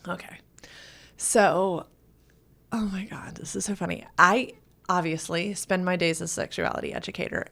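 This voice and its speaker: A woman's voice: lowish voice, creaky. Lady podcast host, giggly storyteller, frank and casual. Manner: storytelling, laughing often, animated. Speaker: podcast host, sexuality educator.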